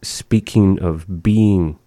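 Man, very low voice, dark warm tone, patient teacher, dry close sound. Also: extremely slow, dry recording. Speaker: language teacher. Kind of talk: explaining a language lesson.

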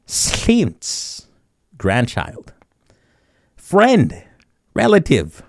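A man hosting a community radio show, teaching words slowly and often chuckling at himself. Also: on the high side, wildly swooping pitch, gravelly, dry recording, studio quality. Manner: chuckles often, slow deliberate word repetition. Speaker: radio host. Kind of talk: community radio language segment.

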